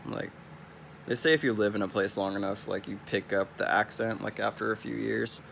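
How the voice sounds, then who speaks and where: A man's voice: lowish voice, little pitch movement, brisk, creaky, a bit bright, slight background noise. A young man from California with a Californian accent, rambling in a laid-back, casual vlog monologue. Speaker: streamer.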